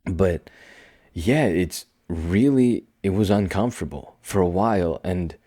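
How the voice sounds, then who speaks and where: A young man hosting his own podcast in a casual solo monologue, talking slowly and calmly in a soothing, self-assured way, with quiet asides and sudden emphatic bursts. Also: low-pitched, dry recording, studio quality. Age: young adult. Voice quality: slow, calm and soothing delivery. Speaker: podcast host.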